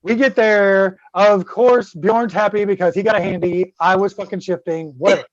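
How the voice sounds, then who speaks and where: In a steady, high-pitched tone and at a moderate pace, a guest podcast host works through a long, rambling tale, swearing throughout and repeatedly asking "right?" It's a dull, dry, close-mic recording.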